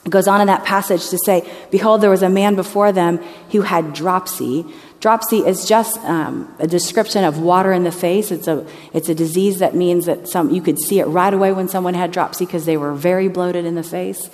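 A woman's voice: on the low side, a little fast. Woman preacher in a reverberant hall. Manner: lively anecdotal storytelling, acts out dialogue. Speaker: missionary speaker. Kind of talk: storytelling sermon. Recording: long reverb of a large hall.

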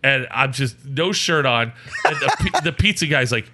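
A man's voice: medium pitch, normal speed. A man co-hosting a podcast, telling a rowdy road story in casual chat and acting out the people in it. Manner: animated storyteller, acts out voices of people in his story. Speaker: podcast co-host.

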